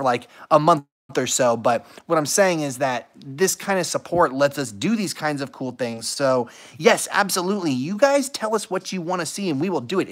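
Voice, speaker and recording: A man hosting a casual dog-training livestream, upbeat and energetic, chatting with viewers and praising his dog. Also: fairly high pitch. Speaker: dog-training channel host.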